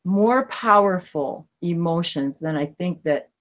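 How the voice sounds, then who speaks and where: Woman, fairly low voice, casual spiritual talk, earnest, halting, rambling, home livestream. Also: animated, lo-fi sound. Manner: rambling, halting, many restarts; earnest and emotional.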